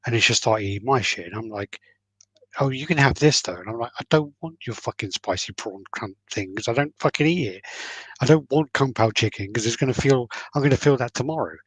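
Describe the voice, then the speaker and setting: A man's voice: medium pitch, a little fast, breathy edge, dry recording. A man co-hosting a podcast in casual chat, grumbling crude rants full of swearing. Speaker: podcast co-host.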